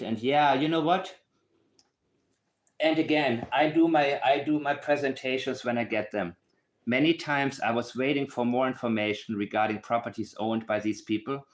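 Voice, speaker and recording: A man hosting a livestream, talking in an emphatic, blunt way with asides to his viewers. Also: medium pitch. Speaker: channel host analyzing a case. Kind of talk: casual livestream commentary.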